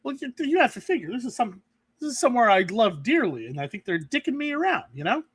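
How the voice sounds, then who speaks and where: A man with a notably high voice, fired up and ranting in casual podcast banter. The sound is close and dry, with almost no room around it. He talks in bursts and backs off with quick apologies. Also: big pitch swings, a bit bright, breathy edge, dry recording. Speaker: podcast co-host. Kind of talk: casual chat.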